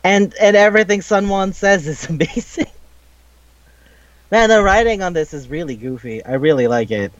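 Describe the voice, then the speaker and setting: A young man co-hosting a casual game chat, animated and swearing, often acting out game dialogue. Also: high-pitched, moderate pace, no echo. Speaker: podcast co-host. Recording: dry, muffled lo-fi mic.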